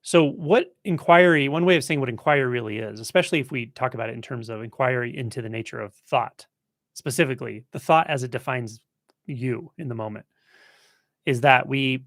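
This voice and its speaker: A man teaching in a relaxed, conversational way, thinking aloud as he answers a viewer's question on a live stream. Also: mid-range voice, no room sound, clean studio sound. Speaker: spiritual teacher hosting a live Q&A. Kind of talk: casual spoken teaching.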